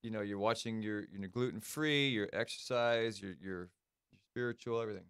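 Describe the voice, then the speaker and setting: A man's voice: fairly low pitch, fairly quick, a bit bright, smooth, dry recording. Enthusiastic middle-aged man guest. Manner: enthusiastic, rambling, laughs often. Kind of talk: casual radio talk.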